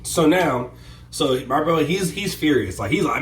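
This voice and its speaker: A man casually telling a story, animated and full of fillers and restarts. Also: on the high side, normal speed, reverberant, far from the mic, rough recording. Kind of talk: casual story time chat.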